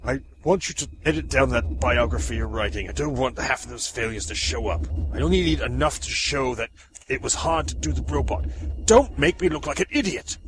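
A man's voice: mid-range voice, fairly quick, background noise, natural voice. A man voicing a bumbling, vain mad scientist with a pompous, exasperated manner. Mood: huffy.

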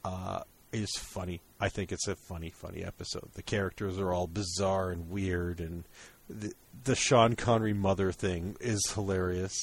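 A man's voice: sits low, steady tone, normal speed, few pauses, dry recording. A man co-hosting a podcast, chatting casually about old episodes and laughing often as he retells the jokes. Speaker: podcast co-host. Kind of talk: casual chat.

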